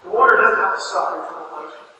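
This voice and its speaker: A man's voice: high-pitched, rapid-fire, sharp tone, a little hiss or hum. A man preaching a sermon in a church, earnest and emphatic, repeating key phrases for weight. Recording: echoey hall recorded from far off.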